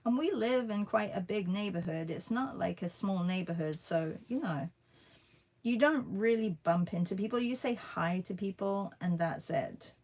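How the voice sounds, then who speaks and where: A woman's voice: medium pitch, expressive, moderate pace, a little mellow. A woman who teaches art and vlogs tells a rambling, chatty story full of fillers while she paints.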